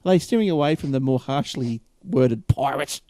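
A man's voice: mid-range voice, animated, normal speed, a crowd in the background. A man hosting a casual tech podcast, rambling and chatty with frequent laughs. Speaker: podcast host.

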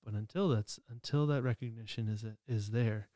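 A man's voice: mid-range voice, moderate pace, dark tone, no echo, clean studio sound. Easygoing man musing on faith. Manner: conversational, many restarts and fillers, chuckling asides. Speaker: podcast co-host. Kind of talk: casual reflective commentary.

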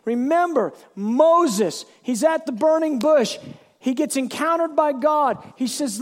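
A man pastor preaching a sermon in an animated storytelling way, bursting into shouts. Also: very high-pitched, slow.

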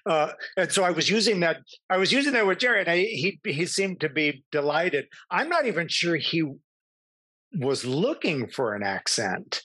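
Middle-aged guy telling showbiz stories, lively and amused, dry close sound. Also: a little high, normal speed, husky, no room sound. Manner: animated, self-amused anecdotes. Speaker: actor, podcast guest. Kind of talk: casual interview storytelling.

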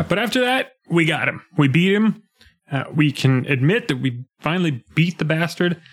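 Animated young man chatting about a game. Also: fairly high pitch. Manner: animated, acts out game lines in a jumpy voice. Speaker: podcast co-host. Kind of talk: casual chat about a video game.

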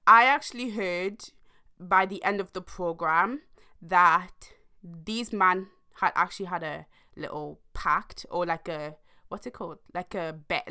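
A young woman, telling a long story to her viewers in a rambling, animated way, full of slang and fillers. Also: fairly low pitch. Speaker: vlogger. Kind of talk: casual storytime monologue.

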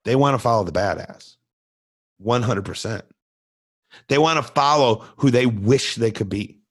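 A man's voice: medium pitch, measured pace. Blunt, emphatic man coaching. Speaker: coach and podcast host. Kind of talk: motivational casual talk.

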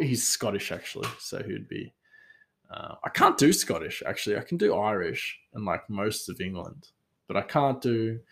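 Weitschweifiger Mann, der frei drauflos plaudert. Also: male voice, fairly low pitch, lively intonation, normal speed, gravelly, fairly bright tone. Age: adult father. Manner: rambling, full of "like" and "um" fillers. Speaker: podcast host. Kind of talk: casual solo rant.

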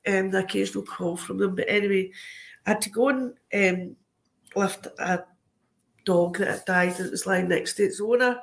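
A woman with a Scottish accent, a guest telling stories in a relaxed, chatty way. She tells them animatedly and acts out the other people's lines. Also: mid-range voice, moderate pace, gravelly. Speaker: guest, crime scene cleaner. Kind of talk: casual anecdote telling.

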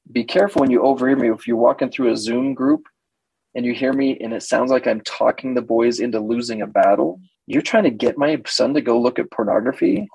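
A man's voice: mid-range voice, vocal fry, a little mellow, breathy edge, no room sound, low-quality recording. A man in his fifties, a therapist, giving a teaching talk and animatedly acting out quoted exchanges. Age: 50s. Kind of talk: teaching talk with acted-out dialogues.

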